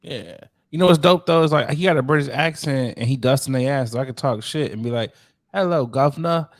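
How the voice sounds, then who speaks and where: A man's voice: medium pitch, fast, dry recording, clean studio sound. Laid-back joking male podcast host. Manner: laughing, joking, slips into mock voices. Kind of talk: casual chat.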